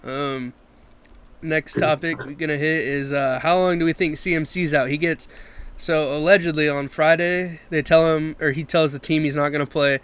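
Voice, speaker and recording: A man with a somewhat high voice hosts a laid-back sports podcast over a video call, speaking at a moderate pace. He stays relaxed while steering the topics and handling the ad reads, with slight background noise behind him.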